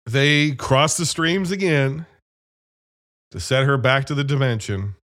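A man chatting casually about a movie, animated and profane, retelling scenes as he goes. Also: mid-range voice, unhurried. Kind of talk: casual movie review chat.

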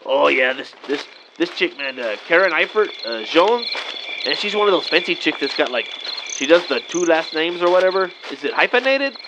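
A man's voice: on the high side, very animated, moderate pace. Slacker-drawling man in his thirties, lo-fi. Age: 30s. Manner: laid-back slacker drawl, saying "man" and "vato" constantly. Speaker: comedian. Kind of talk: improvised character comedy sketch. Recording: dull lo-fi audio with faint night noise.

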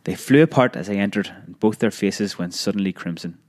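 A man reading a childhood memoir aloud in a measured storytelling manner, with occasional small restarts. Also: on the low side, a little mellow. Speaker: narrator.

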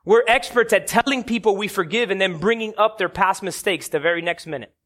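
A man's voice: high voice, brisk, a bit bright. A man preaching a sermon, telling stories dramatically and building to emphatic peaks.

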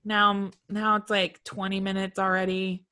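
A woman's voice: mid-range voice, monotone, moderate pace, pushed and bright. A woman co-hosting a podcast in casual, giggly chat, with many fillers. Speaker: podcast co-host.

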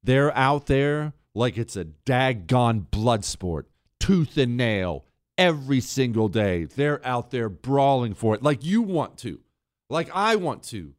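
Animated sarcastic talk radio host, man. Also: medium pitch, slow pace, no room sound, clean studio sound. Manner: sarcastic, ranting.

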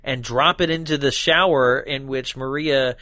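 A man's voice: medium pitch, fairly even intonation, unhurried, sharp tone, no room sound, studio quality. A man recapping a movie in casual chat, laughing often and acting out characters in exaggerated voices. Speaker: podcast co-host.

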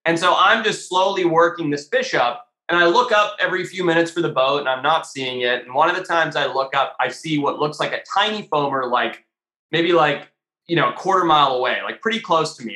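Bright-voiced man telling a wild story. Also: fairly high pitch, reverberant. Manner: animated, swears freely, many fillers. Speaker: podcast guest, shark diver. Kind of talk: casual storytelling.

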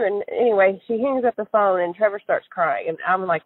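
A woman's voice: medium pitch, steady tone, moderate pace, dry recording. Hesitant woman on a tinny line. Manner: hesitant, many fillers and restarts. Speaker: interviewee recalling events. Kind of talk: casual recorded interview. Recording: tinny phone-line sound, dry.

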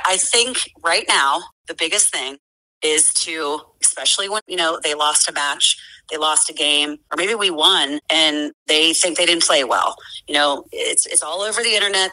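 As a podcast guest, a woman in her forties talks earnestly in casual conversation, full of fillers and restarts. Her voice is fairly low with a sharp tone, and the audio is poor.

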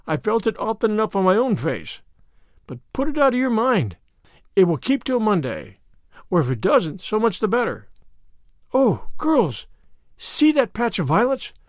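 An eager, romantic young woman pours out her fancies in a high, swooping voice, put on by a male narrator. Her speech rises and falls with wide animation, recorded close and dry. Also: sing-song, moderate pace, dry recording. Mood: enthusiastic. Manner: gushing, romantic. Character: dreamy talkative young woman, imaginative and eager.

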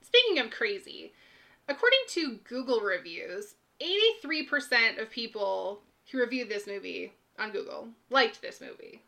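A woman's voice: fairly high pitch, very animated, normal speed, gravelly, pushed and bright. A woman co-hosting a casual movie review podcast, chatty and giggly. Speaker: podcast co-host who picks the movies.

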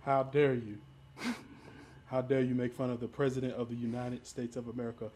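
A man's voice: mid-range voice, flat delivery, brisk, darkish tone, a little hiss or hum, close to an everyday voice. A man doing a blustering, boastful old president. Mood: scolding. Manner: repetitive, insistent, bragging. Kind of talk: comedic impression in casual chat.

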